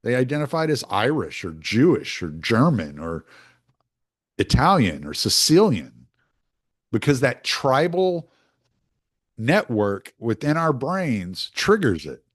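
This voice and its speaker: Opinionated American man with lively pitch. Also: takes it slowly, breathy edge. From United States. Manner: rambling, opinionated, with restarts. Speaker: podcast host. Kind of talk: casual monologue.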